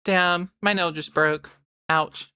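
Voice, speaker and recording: A woman's voice: lowish voice, steady tone, slow pace, pushed and bright, clear, resonant tone, no echo. A woman filling in on a live stream, chatting casually in a rambling, sweary way with a sore throat. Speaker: stand-in streamer.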